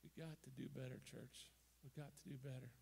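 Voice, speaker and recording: A man preaching a sermon as pastor, emphatic, swinging from loud bursts to quiet, gravelly delivery. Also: medium pitch, steady tone, fairly quick, slight background noise. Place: church sanctuary.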